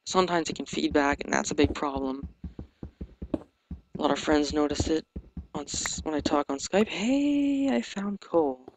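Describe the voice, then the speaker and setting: Quiet mumbling young man, gravelly. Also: on the high side, fairly even intonation, moderate pace, pauses often. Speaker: let's play commentator. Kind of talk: casual gameplay commentary. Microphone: sensitive desk microphone. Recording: noisy home mic recording.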